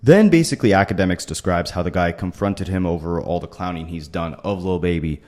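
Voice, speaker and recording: Fast-talking deep-voiced commentator. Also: male voice, darkish tone. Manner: explaining, rhetorical questions. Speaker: commentary host.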